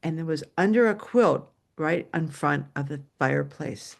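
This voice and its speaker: A woman storyteller telling a personal tale aloud over a video call, animated and dramatic. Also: normal speed, creaky. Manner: animated and dramatic, shouting at high points. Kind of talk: live oral storytelling.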